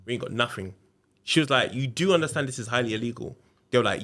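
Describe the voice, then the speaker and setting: A man's voice: medium pitch, fast. A man, telling a story on a podcast in a casual, slangy way and acting out the voices of the people in it. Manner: animated, acts out quoted voices, slangy. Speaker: podcast guest.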